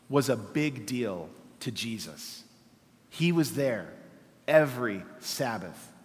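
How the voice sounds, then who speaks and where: A man's voice: a little high, a bit bright, in a large hall. A man preaching a sermon, reading scripture aloud and pressing his points with emphatic rhetorical questions.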